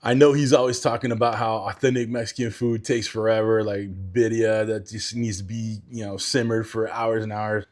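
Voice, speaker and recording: A man's voice: fairly low pitch, steady tone, moderate pace, few pauses. A man hosting a casual home cooking vlog in a chatty, self-mocking way, stumbling over words as he talks through a recipe in his kitchen. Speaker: cooking channel host.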